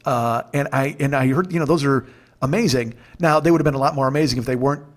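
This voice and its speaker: A man's voice: mid-range voice, fast talker. A man in his forties hosting a comedy podcast, telling a story in a rambling, profane and incredulous rant that is full of restarts. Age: 40s.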